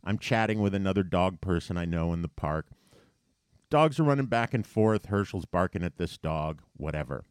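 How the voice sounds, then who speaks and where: A man telling a story in a casual chat, animated and profane, getting heated as he goes. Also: low-pitched, moderate pace, smooth, no echo, studio quality. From New York.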